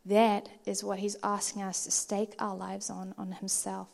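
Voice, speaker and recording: An earnest woman preacher with a voice that sits at an everyday middle pitch. She delivers her message conversationally, talking to listeners as friends. At times her words drop soft and hushed. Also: completely flat delivery, measured pace, gravelly. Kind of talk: conversational sermon.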